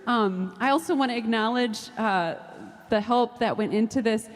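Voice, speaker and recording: A woman speaking to an audience at a church event, thanking helpers in a halting way with many fillers. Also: fairly high pitch. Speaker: choir co-director. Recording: echoey hall from a distance, faint crowd and noise.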